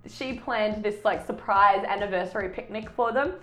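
A young Australian woman from Brisbane co-hosting a podcast, telling stories in a giggly, animated way. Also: mid-range voice, moderate pace. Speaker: podcast co-host. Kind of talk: casual chat. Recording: roomy, slightly dull sound with faint music.

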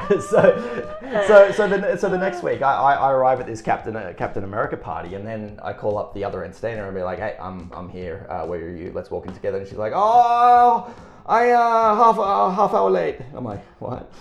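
A man's voice: fairly low pitch, quick pace, roomy sound. A man in his thirties telling a story in casual chat, rambling and self-deprecating, with lots of restarts and swearing. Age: 30s.

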